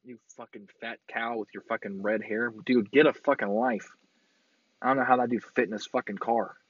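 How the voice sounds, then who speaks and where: A man in a car, giving a crude, profane road-rage rant and yelling sarcastic insults at other drivers. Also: mid-range voice, steady tone, moderate pace, breathy edge, no room sound. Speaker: vlogger ranting while driving. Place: inside a car in traffic. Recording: dull lo-fi sound.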